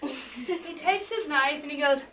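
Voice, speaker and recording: A woman teacher telling a story to her class with lively energy, acting out both sides and breaking into squeals and shouts. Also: sits high, takes it slowly. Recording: echoey room, mic far off, faint noise.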